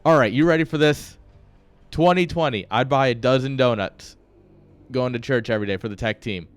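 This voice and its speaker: A man's voice: medium pitch, fairly quick, clear, resonant tone, dry recording, faint music behind. A man casting a strategy game on a live stream, rambling off-topic and joking at his own expense. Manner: rambling, joking asides, chuckles at himself. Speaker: esports caster.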